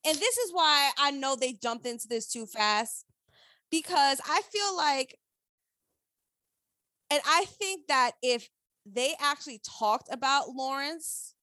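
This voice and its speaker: A woman recapping a TV episode in casual chat, animated, opinionated and profane. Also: high voice, takes it slowly, no room sound.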